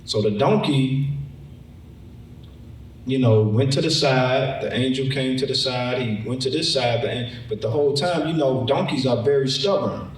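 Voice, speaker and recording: A man's voice: medium pitch, moderate pace. A man preaching a Bible lesson in a conversational way, often repeating words and acting out the story. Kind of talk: sermon, Bible teaching. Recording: echoey room, mic far off.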